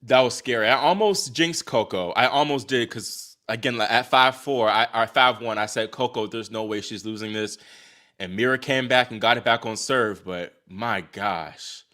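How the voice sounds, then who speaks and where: Young male livestream host from Virginia, mid-range voice, chatty and excitable. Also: medium pitch, moderate pace. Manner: excitable, talks to chat, sighs and exclaims. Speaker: livestream host reacting to tennis. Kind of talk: casual live-stream chat.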